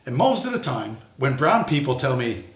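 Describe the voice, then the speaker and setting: A man hosting a livestream launches into an angry, profane monologue, swearing bluntly the whole way through. His medium-pitched voice is very animated, at a moderate pace. The recording has a roomy echo.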